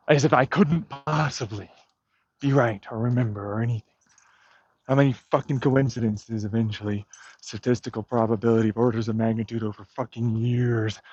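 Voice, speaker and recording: A man walks his dog outdoors while vlogging, ranting in an agitated, profane way and muttering bitterly. His voice is mid-range with a darkish tone, and the recording sounds dull, lo-fi, and dry.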